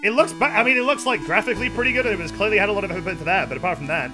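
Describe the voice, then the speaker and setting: A man streaming a game, giving casual commentary, excitable and swearing often as he yells at what happens on screen. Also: sits high, rapid-fire, few pauses. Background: game music.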